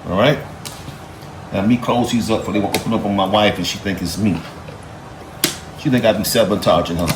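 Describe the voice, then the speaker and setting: Over loud sizzling and clattering pots, a man with a lowish voice talks fairly quickly while cooking in his kitchen. As host of a home cooking channel, he keeps a folksy, playful tone with his viewers.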